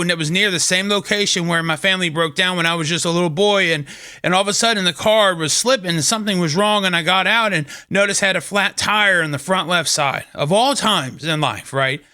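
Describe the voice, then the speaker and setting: A man's voice: sits high, fast talker, bright, forceful tone, clean tone, dry recording, clean studio sound. A man hosting a faith talk show, telling a personal story in an earnest, casual way with frequent restarts. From Kentucky.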